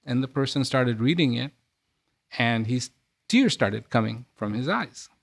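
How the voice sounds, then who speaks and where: Gravelly-voiced man telling gentle stories. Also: medium pitch, animated, unhurried. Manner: gentle, repeats words, frequent restarts. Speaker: author and speaker. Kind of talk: reflective storytelling interview answers.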